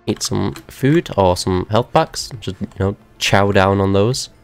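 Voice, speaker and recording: A man's voice: fairly low pitch, measured pace, clear, resonant tone, faint music behind. A young man giving rambling let's-play commentary to himself, with wry asides as he explores a game. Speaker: gaming video host.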